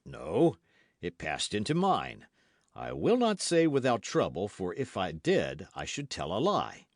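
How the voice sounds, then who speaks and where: An unflappable aristocratic swordsman speaks in a calm, stately way with dry irony, as a male narrator puts him on. His delivery moves through a lively range of pitch. The recording is close and dry, as in a storybook reading. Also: a little slow, gravelly, no echo, heavily acted. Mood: calm, ironic.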